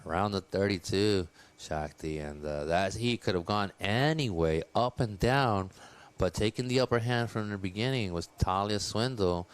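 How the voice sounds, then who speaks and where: A man's voice: lowish voice, normal speed, smooth. A man commentating a live surf contest, joking and teasing his co-host between heats. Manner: playful, teasing banter.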